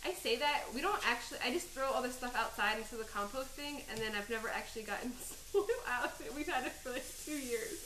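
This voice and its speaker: Speaking briskly with few pauses, a woman's slightly high voice sounds pushed and bright over poor audio with echo and a little hiss or hum. She hosts a live cooking stream in her home kitchen, chopping onions through tears while she chats, rambles, and laughs at herself.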